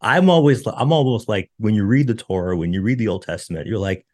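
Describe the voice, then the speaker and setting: A man hosting a podcast in a casual chat. His voice sits very low. He asks questions animatedly and acts out his own reactions. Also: a little fast, darkish tone. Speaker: podcast host.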